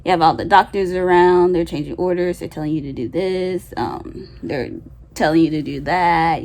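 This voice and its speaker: A woman's voice: fairly low pitch, a little mellow. Chatty young woman telling a storytime. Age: young adult. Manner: chatty, emotional, frequent "like" fillers. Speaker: new grad nurse vlogger. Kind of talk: casual storytime vlog.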